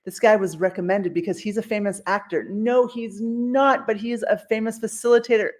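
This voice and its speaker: A woman's voice: mid-range voice, fairly even intonation, a little mellow. A woman from Canada hosting an interview, playful and teasing in casual chat. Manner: playful, teasing, quick to laugh. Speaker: interview host.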